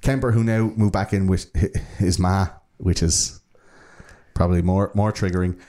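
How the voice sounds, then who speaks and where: A man's voice: deep voice, fairly even intonation, normal speed, dark tone. A man recounting a true-crime case in casual chat, full of fillers and restarts. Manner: hesitant, many fillers and restarts, swears casually. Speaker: podcast co-host.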